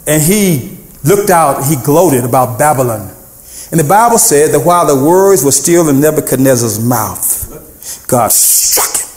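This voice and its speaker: A man preaching a sermon as pastor, animated, calling out to the congregation and half-singing some phrases. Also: on the high side, measured pace. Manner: animated preaching with call-and-response and sung phrases. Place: church sanctuary. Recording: echoey church room.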